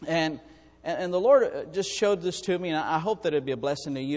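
A high-pitched man preaching a sermon in a church hall with a long reverb, rising from quiet asides to loud, climbing calls. He restarts his sentences and jokes with the congregation, and the room rings out behind each phrase. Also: fast talker, few pauses. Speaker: pastor. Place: church sanctuary.

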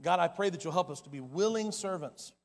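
A man preaching a sermon as pastor, his delivery swinging from loud and urgent to hushed and quiet. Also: high voice, expressive, a little fast. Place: church sanctuary. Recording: long hall reverb.

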